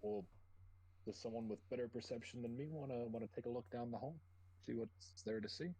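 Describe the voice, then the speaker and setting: A man's voice: mid-range voice, brisk, dark tone, husky, low-quality recording. A man talking casually as a player in a tabletop game, chatty and repeating words as he starts sentences.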